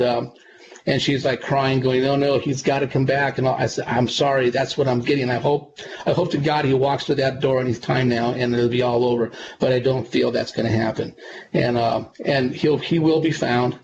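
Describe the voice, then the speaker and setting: A man, a psychic medium guest on a radio interview, telling stories in a relaxed, rambling way and repeating himself. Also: medium pitch. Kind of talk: conversational radio interview storytelling. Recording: dull lo-fi sound with clear background noise.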